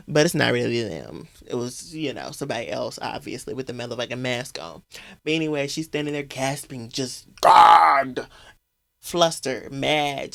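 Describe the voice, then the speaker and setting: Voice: mid-range voice, vocal fry. A podcast host recapping an old TV movie in a comedic, mocking way, swearing freely and laughing often.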